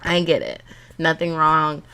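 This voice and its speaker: A woman's voice: sits low, unhurried, clean tone. Chatty young woman telling a dating story. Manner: chatty, animated, laughs often, acts out quotes. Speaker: podcast host. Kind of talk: casual storytelling monologue.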